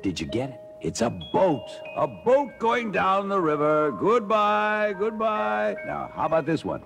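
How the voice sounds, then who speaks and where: A jolly old Santa Claus chuckles and coaxes children through a guessing game in a gravelly, slightly high voice that leaps all over its range. It sounds like an old mono children's LP, with music playing behind him. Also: male voice, huge pitch swings, a little slow, heavily acted. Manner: hearty, chuckling, coaxing children. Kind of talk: 1950s children's record acting.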